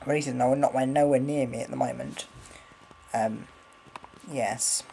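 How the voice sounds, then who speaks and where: A man's voice: mid-range voice, fairly even intonation, a little slow, vocal fry, mellow, slight background noise, poor audio. A man rambling casually in a vlog, swearing freely, filming on a handheld camera. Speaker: vlogger.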